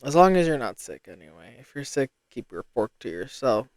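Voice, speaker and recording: A young woman from Rhode Island hosting a casual solo podcast, rambling and self-deprecating with sudden bursts of excitement. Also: very deep voice, brisk, no room sound. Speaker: podcast host.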